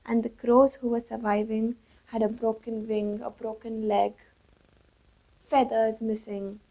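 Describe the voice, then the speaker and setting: Slow, gravelly woman storyteller. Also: on the high side. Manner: slow, expressive, with sound effects. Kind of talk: children's storytelling. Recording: dull lo-fi recording.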